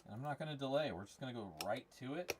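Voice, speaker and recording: Fast-talking, with a mid-range voice and lively intonation, this man speaks over a noisy background. He hosts a gold prospecting giveaway livestream, chatting casually through crude, rambling jokes.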